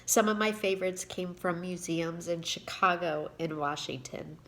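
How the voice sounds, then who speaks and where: A woman in her forties from Indiana, an author who records a personal video and reads aloud from her book, emotional and halting at times. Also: lowish voice, fairly bright tone. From Indiana, USA. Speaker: author and giving speaker.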